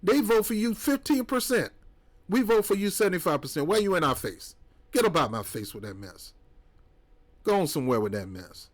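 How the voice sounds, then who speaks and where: A commentator delivers a fiery political monologue in a high-sitting voice with big pitch swings and a fairly quick pace. He preaches hard, scolds his listeners, and mocks others by slipping into put-on voices.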